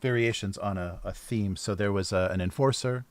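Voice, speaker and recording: A man co-hosting a casual livestream chat, talking in a halting way with many pauses and fillers. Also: on the low side, darkish tone, dry recording. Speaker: co-host and game master.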